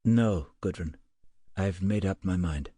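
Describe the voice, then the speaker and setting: A resolute man speaks in a firm, deep voice, as a male narrator reads him. His words come dry and close in a storybook reading. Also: slow pace, warm tone, husky, no echo, full character voice. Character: resolute man set on a dangerous mission.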